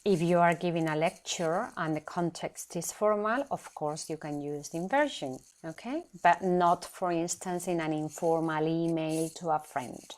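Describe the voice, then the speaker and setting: A woman teaching an English grammar lesson in a measured, explanatory way, often checking in with "okay?". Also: on the low side. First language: Spanish. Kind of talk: recorded lesson presentation.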